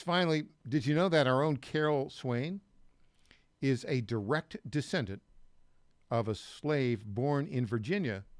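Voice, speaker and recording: A man's voice: medium pitch, creaky, no room sound. A man hosting a talk radio show from a studio, running through a news rundown with sarcastic asides.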